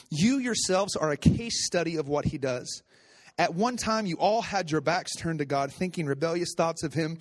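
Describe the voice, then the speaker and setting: Animated high-voiced male pastor preaching. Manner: animated, builds to loud excited peaks, laughs at himself; conversational storytelling with repetitions. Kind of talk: sermon.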